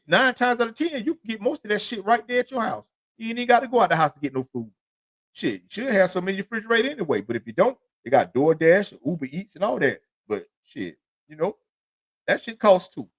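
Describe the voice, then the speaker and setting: A man's voice: sits high, fairly bright tone. A man hosting his own podcast alone, telling rambling, profane street stories in loose, casual slang. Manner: rambling, repeats "you know what I'm saying". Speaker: podcast host. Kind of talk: solo podcast monologue.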